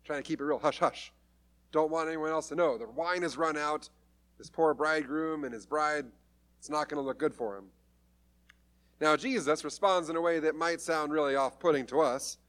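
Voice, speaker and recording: A man's voice: on the high side, brisk, a bit bright. A man preaching a sermon, retelling a story in a conversational way with light humor. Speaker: pastor.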